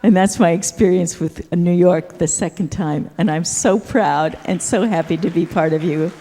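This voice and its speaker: A woman's voice: lowish voice, moderate pace. Older woman telling a stage anecdote. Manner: animated storytelling, acting out gestures, often asks "see?". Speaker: stage performer. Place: large auditorium stage. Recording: echoey auditorium with long reverb.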